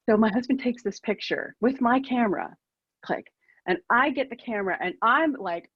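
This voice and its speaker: A woman's voice: medium pitch, moderate pace, breathy edge, no room sound, muffled recording. A woman in her fifties, a keynote speaker, telling a personal story over a video call in a candid, self-deprecating way.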